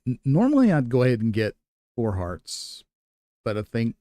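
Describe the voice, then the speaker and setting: A man giving relaxed, musing commentary as he plays a video game, chuckling at himself now and then. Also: medium pitch, moderate pace, no echo. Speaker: let's play gamer. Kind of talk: casual gameplay commentary.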